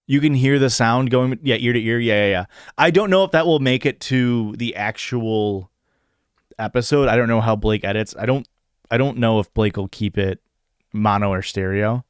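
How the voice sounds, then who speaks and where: A man's voice: fairly low pitch, smooth, no room sound, studio quality. A man hosting a podcast in a casual livestream chat, rambling and hesitant, full of "like" and "um" fillers. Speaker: podcast host.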